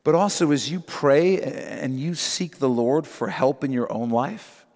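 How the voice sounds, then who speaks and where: A man's voice: medium pitch, a little slow, a little mellow. A male pastor preaching a sermon in a church, emphatic and direct, repeating his key phrases for weight. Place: church sanctuary. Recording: long reverb in a large hall.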